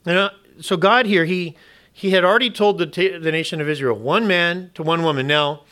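A man's voice: high voice, fairly quick, bright, forceful tone. A man preaching a sermon, emphatic and questioning the congregation, often restarting and repeating words.

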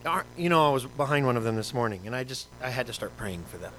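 Bright-voiced pastor preaching a sermon. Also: male voice, mid-range voice, fast, slight background noise, poor audio. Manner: conversational, animated, full of rhetorical questions.

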